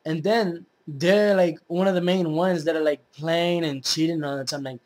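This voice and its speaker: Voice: medium pitch, steady tone, moderate pace, a little mellow. A young adult vlogger in a blunt, profane, rambling rant to the camera, full of fillers and restarts. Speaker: YouTube vlogger. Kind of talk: casual ranting monologue.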